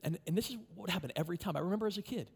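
A man preaching a sermon as pastor, animated and emphatic, with repeated phrases. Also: sits high, very fast, vocal fry, slightly rough.

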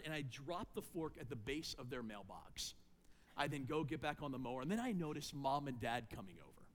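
Male pastor, high voice, storytelling sermon with humorous asides, long hall echo. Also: a bit bright. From United States.

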